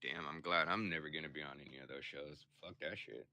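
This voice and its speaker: A man's voice: very deep voice, fairly quick, sharp tone. A young man streaming, chatting casually and telling rambling, profane stories. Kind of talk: casual chat.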